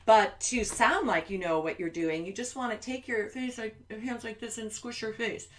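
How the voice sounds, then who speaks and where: A woman's voice: fairly high pitch, normal speed. A woman children's musician chatting between songs on a live stream from home, rambling and talking straight to parents and kids.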